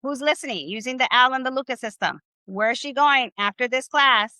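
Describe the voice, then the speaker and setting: An upbeat woman leads a live online class, cheering her students on in casual, slangy talk. Her voice is quite bright and forceful and sits a little high. The sound is dry and close, with no room echo. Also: a little fast. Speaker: Spanish teacher.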